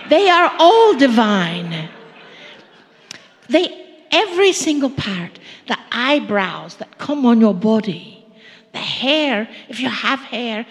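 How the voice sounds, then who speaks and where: A woman giving a channeled spiritual talk in a playful, coaxing manner, with chuckling asides. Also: on the high side. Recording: long reverb in a hall.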